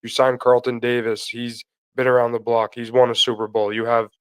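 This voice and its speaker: A man co-hosting a sports podcast in a relaxed, conversational way, full of casual fillers. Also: mid-range voice, brisk, smooth, no room sound, poor audio. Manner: relaxed, conversational, many fillers like "kinda" and "I mean".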